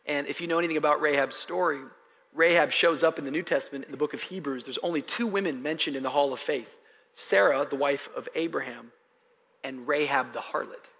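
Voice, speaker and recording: A high, bright man's voice preaches live in a big church hall, with a long echo and a faint crowd behind him. He tells stories loosely and casually, with slang, then climbs into loud, shouted calls to the congregation. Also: fairly quick, gravelly. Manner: animated preaching, rising to shouts. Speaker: pastor. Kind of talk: sermon. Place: large church auditorium with congregation.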